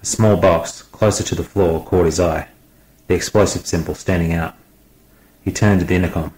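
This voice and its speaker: Deep-voiced man narrating an audiobook. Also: moderate pace, roomy sound, low-quality recording. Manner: steady dramatic reading.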